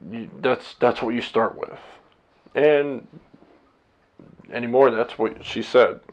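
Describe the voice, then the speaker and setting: A man's voice: mid-range voice, muffled recording. A man talking candidly to his own camera, blunt and profane, rambling with restarts as a husband and father. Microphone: camera set up by himself.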